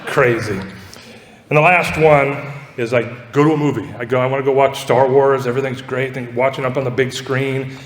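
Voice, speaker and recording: A man's voice: mid-range voice, steady tone, moderate pace. A man giving a joking, profane roast speech to a laughing audience. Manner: joking, profane, laughing at his own lines. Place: large echoey party hall with audience. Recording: echoey hall, crowd noise.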